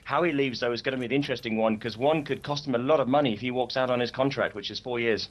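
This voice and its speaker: Fast-talking chesty man on a remote link. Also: mid-range voice, lo-fi sound. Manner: quick, chatty explaining. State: chesty, deeper than usual. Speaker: remote correspondent. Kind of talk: studio panel discussion.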